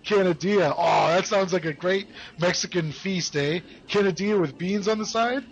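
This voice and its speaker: A man with a high, light voice riffs with his friends during a gaming session. He spins rambling, absurd tall tales and slows right down to land each punchline. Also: breathy edge, muffled recording. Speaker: co-host of a gaming stream. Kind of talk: joking gaming banter.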